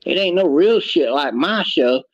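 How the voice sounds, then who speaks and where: Husky, higher-voiced man on a dull lo-fi clip, crude repetitive rant. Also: lively intonation, a little slow, dry recording. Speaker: streamer in played clip. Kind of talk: profane livestream rant.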